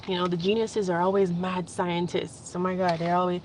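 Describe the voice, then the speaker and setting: A woman's voice: fairly low pitch, level tone, normal speed, a little hiss or hum. A young adult woman talking in a casual, rambling vlog, emotional and laughing now and then. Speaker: vlogger. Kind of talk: casual spiritual vlog monologue.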